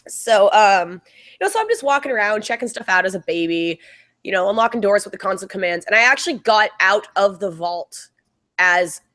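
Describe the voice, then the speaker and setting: A woman's voice: mid-range voice, lively intonation, a little fast, fairly bright tone. A woman from the American South with a Southern accent, chatting and telling a rambling game story with lots of giggles on a casual livestream call. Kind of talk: casual chat.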